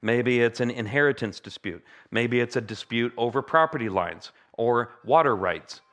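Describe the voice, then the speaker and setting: A man's voice: medium pitch, moderate pace, fairly bright tone. An American man, a pastor, praying earnestly and then preaching a sermon in a conversational way with humorous asides. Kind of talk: sermon with opening prayer.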